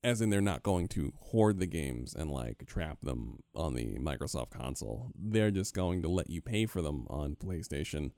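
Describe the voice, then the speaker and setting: A man's voice: rumbling low, expressive, normal speed, hardly any pauses, mellow, dry recording, clean studio sound. A man co-hosting a podcast, chatting casually with wry, blunt remarks. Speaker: podcast co-host. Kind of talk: casual chat.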